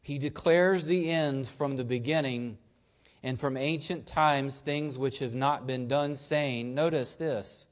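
A man's voice: fairly high pitch, fairly even intonation, a little slow, dull audio. A man preaching a sermon, leading his listeners through Scripture with emphatic points and rhetorical questions. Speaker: pastor.

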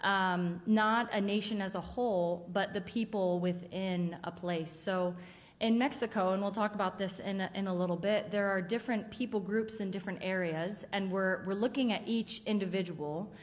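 A woman's voice: medium pitch, steady tone, moderate pace. A woman giving a casual, conversational missionary presentation to a church audience. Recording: dull sound with long hall reverb.

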